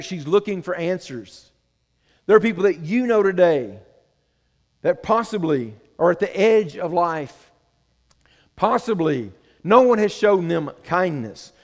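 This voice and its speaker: High-voiced preacher in a reverberant hall. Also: male voice. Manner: earnest, conversational preaching with acted quotes. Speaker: pastor. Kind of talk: sermon.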